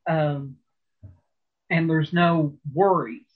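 A man's voice: on the high side, fairly even intonation, drawn-out words. A man in an interview telling stories in a rambling, chatty way, with lots of fillers and restarts. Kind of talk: casual storytelling interview. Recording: phone-like narrow sound.

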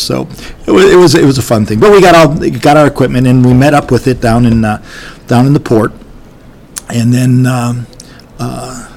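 A man's voice: medium pitch, moderate pace, gravelly, a little mellow, slight background noise. An older army veteran gives an oral history recollection of his service, talking in a folksy, rambling way with many restarts.

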